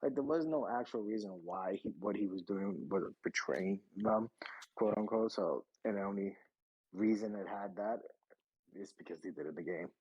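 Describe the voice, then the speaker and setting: A man's voice: lowish voice, normal speed, darkish tone, husky, dry recording, muffled recording. A man hosting a casual gaming podcast, rambling and profane, with lots of restarts. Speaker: podcast host.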